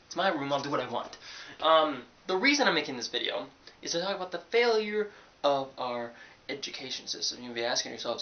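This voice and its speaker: Young man, college student, sarcastic animated rant, dorm room, muffled lo-fi sound. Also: a little fast. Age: young adult. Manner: sarcastic, animated storytelling with jumpy pitch. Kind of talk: casual vlog rant. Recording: dull lo-fi webcam audio with hiss.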